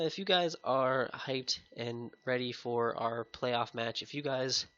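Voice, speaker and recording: Bright-voiced man, sick, on a headset. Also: medium pitch, dull audio. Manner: casual, upbeat, chatty with viewers. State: sick-sounding voice. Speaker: competitive game YouTuber. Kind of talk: casual gameplay commentary.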